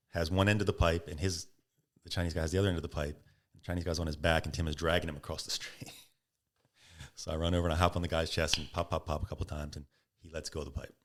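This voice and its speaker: A man, a podcast guest, casually telling a story and acting out what people said. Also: deep voice. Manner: animated, acts out quoted speech.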